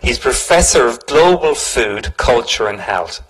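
A man's voice: medium pitch, animated, measured pace, crowd noise, low-quality recording. A man hosting a public talk, giving housekeeping notes and an informal, chatty introduction. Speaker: event host. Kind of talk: event introduction.

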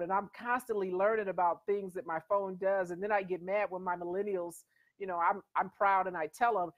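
A woman's voice: medium pitch, fairly even intonation, brisk, lo-fi sound. Emphatic woman host telling stories. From USA. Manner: conversational and emphatic, storytelling with quoted voices. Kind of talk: casual commentary.

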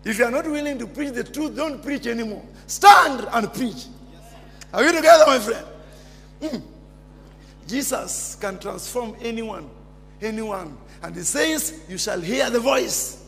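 A man with a Kenyan accent preaching a fiery sermon, jumping from shouts down to near-whispers. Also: extremely high pitch, animated, a little slow, gravelly, a little hiss or hum. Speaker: pastor. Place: large church hall. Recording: long church reverb.

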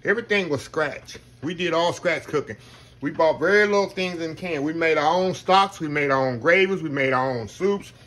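A man's voice: on the high side, moderate pace, a bit bright. Folksy man cooking. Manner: folksy, talks to viewers as y'all. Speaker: home cook. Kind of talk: casual cooking video chat.

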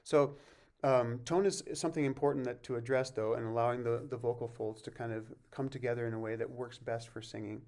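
A man teaching a vocal masterclass, explaining warm-ups and breathing in a relaxed way and breaking off to sing short examples. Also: medium pitch, a little fast. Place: music camp masterclass recording.

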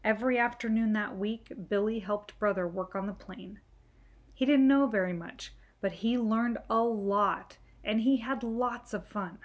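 A woman reading a children's book aloud, gentle and clear. Her storytelling is calm and even-paced. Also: mid-range voice, unhurried, dull audio. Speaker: storytime reader.

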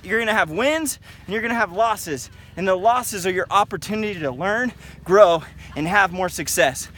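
A man's voice: high voice, fairly bright tone. A middle-aged man, a wrestling coach, giving an emphatic motivational pep talk outdoors while on a run, often checking in with "okay?". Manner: emphatic, repetitive, tags lines with "okay?".

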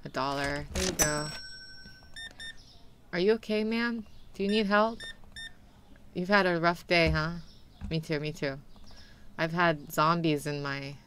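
A woman's voice: deep voice, unhurried, long pauses, background noise. A young woman streaming a game, chatting animatedly with her viewers and laughing often. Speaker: VTuber streamer. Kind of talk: casual gameplay commentary.

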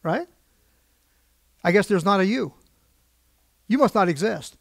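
Gravelly-voiced pastor preaching conversationally. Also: male voice, high voice, expressive, a little slow, a bit bright, no room sound, clean studio sound. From United States. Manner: conversational, questioning the congregation; emotional, gets worked up. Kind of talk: sermon. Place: church pulpit.

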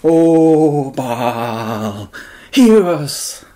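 A man puts on a crowd of frenzied male priests in a storybook telling, wailing high, loud and slow, as if calling from further off. Underneath sits the same gravelly, husky grain. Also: steady tone, heavily acted. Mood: frenzied chant. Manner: chanting, wailing pleas.

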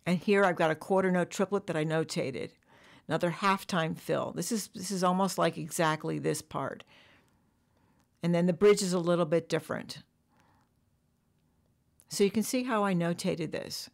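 A woman drum teacher walking through a software tutorial, explaining step by step. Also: lowish voice, normal speed, gravelly, long pauses. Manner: explanatory, counts bars aloud along with the music.

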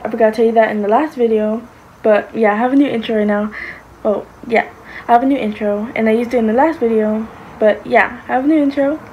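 A woman's voice: on the high side, steady tone, fast, lo-fi sound. Gushing young woman vlogger, faint hiss. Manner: gushing, exclaims often, sometimes drops to a whisper. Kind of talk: casual reaction vlog.

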